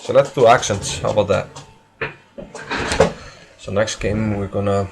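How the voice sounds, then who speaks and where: A man's voice: lowish voice, fairly even intonation, a little slow, creaky, a little mellow. A man giving live chess commentary on a stream, casual and jokey, thinking aloud and mocking himself.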